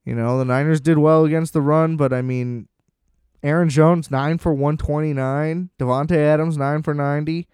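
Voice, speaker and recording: A man's voice: a little high, fairly even intonation, normal speed, darkish tone, smooth, no echo. Man, casual solo sports rant, profane and sarcastic, clean dry voice. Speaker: sports commentator.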